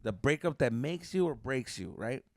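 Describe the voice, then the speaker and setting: A man's voice: mid-range voice, animated, normal speed, creaky, no echo, studio quality. A young man co-hosting a podcast, telling a story in casual chat, swearing freely and dropping Spanish slang. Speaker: podcast co-host.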